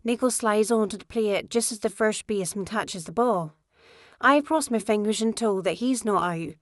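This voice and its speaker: A woman reading a first-person novel as an audiobook narrator, steady in her storytelling. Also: mid-range voice, normal speed, dry recording, clean studio sound.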